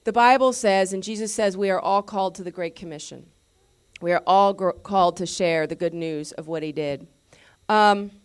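A woman pastor teaching a sermon in a lively, conversational way, asking her listeners questions and correcting herself as she goes. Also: medium pitch, clear, resonant tone. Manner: restarts and self-corrections.

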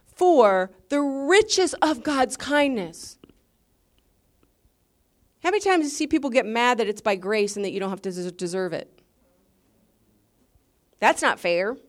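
A woman's voice: high-pitched, a bit bright. A woman teaching a Bible lesson in a passionate, emphatic sermon style, full of rhetorical questions.

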